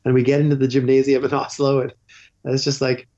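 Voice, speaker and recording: A man's voice: medium pitch, monotone, brisk, warm tone, lo-fi sound. A man guest telling a long story in a casual, rambling way, full of fillers. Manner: rambling, filler-heavy with frequent "like".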